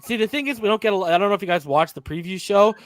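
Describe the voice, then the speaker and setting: An excited man runs a live football stream, talking loosely and shouting out his viewers in slang. His voice sits a bit high and the recording is close and dry. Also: very fast, no echo. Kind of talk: casual live football chat.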